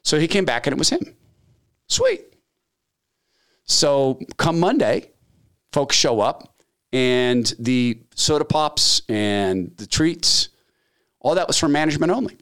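Animated man telling a workplace story. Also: medium pitch, measured pace, smooth. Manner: lively anecdotes, acting out dialogue. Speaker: podcast host. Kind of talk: casual storytelling chat.

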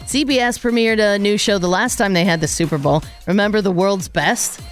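A woman co-hosting a radio show, reading entertainment news in a brisk way with dry asides. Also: medium pitch, faint music behind. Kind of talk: morning radio show chat.

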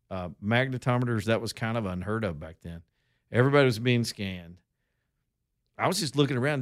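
A middle-aged man from Alabama with a Southern accent, hosting a talk radio show and telling a long story in a folksy, rambling way that addresses his listeners as y'all. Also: mid-range voice.

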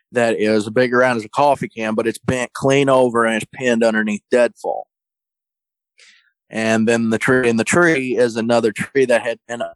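A man telling a story in a folksy, colloquial way, getting animated when he quotes other people. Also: mid-range voice, dry recording, low-quality recording. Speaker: guest storyteller. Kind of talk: casual storytelling.

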